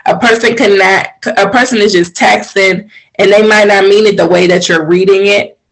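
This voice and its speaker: A woman co-hosts a relaxed podcast. Her voice has a gravelly, fried texture. She chats casually and animatedly acts out what people say in a sharply higher voice. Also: moderate pace, rough recording. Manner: animated, acts out quoted reactions in a high voice. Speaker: podcast co-host. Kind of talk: casual chat.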